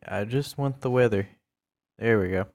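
Male podcast host with a lowish voice; relaxed, rambling solo chat full of ums and uhs. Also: moderate pace. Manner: rambling and laid-back, with many fillers.

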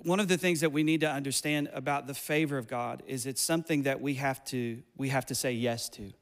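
A man's voice: medium pitch, fairly even intonation, a little fast, in a large hall. A man preaching as pastor, passionate, with rising emphasis and repeated phrases, speaking in a church sanctuary. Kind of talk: sermon.

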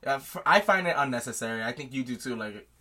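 A man with a bright, forceful voice and mid-range pitch chats in a casual book podcast. He reacts with quick slangy interjections and shares his opinions freely. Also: lively intonation. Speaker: podcast co-host.

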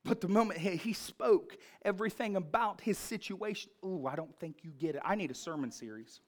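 A man preaching a sermon from the pulpit with a high voice. He reads scripture quietly, then builds to loud, fervent calls to the congregation. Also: fairly quick. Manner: swings from soft scripture reading to loud preaching. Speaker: pastor.

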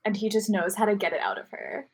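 A young woman co-hosting a casual chat, relaxed and opinionated, with lots of filler words. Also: mid-range voice, fast talker, husky. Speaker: podcast co-host. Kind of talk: casual chat about anime.

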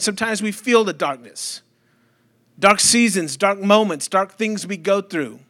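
Bright, high-voiced man preaching a sermon. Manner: conversational preaching with rhetorical questions and humor. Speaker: pastor. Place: church.

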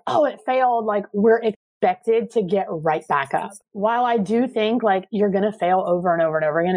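A woman's voice: medium pitch, dry recording. Earnest woman coach, dry close sound. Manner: earnest, encouraging, lots of "like" fillers. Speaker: guest, money and marketing coach. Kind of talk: casual motivational interview talk.

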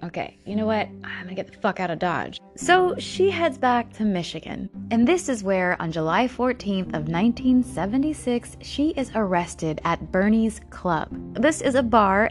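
A woman telling a true crime story in a candid, casual way, swearing freely and breaking into nervous laughter. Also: fairly high pitch.

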